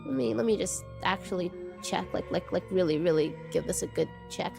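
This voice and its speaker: A woman streaming a dating sim, reacting to the story and chatting with viewers in an animated, swearing way. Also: fairly low pitch, fairly quick, vocal fry, soft background music. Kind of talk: live game commentary reading a dating sim aloud.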